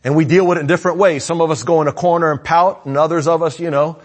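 A male pastor preaching in a conversational way, asking the congregation questions and calling for amen, swinging from loud to hushed. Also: fairly high pitch, fairly even intonation, quick pace. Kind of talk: sermon.

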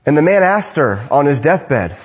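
In a very animated evening sermon with a breathy edge, a man moves at a moderate pace, building to emphatic lines and falling to hushed, low closes. He repeats phrases for weight.

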